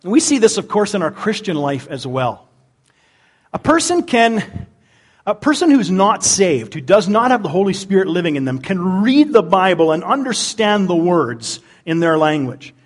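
A man's voice: high voice, big pitch swings, normal speed. A middle-aged man, a pastor, preaching a conversational sermon and often repeating words as he searches for them.

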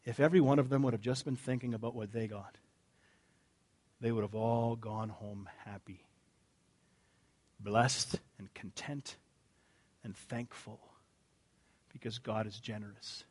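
A male pastor giving an earnest, conversational sermon, dropping his voice low for emphasis. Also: steady tone, a little slow, pauses often, a little mellow.

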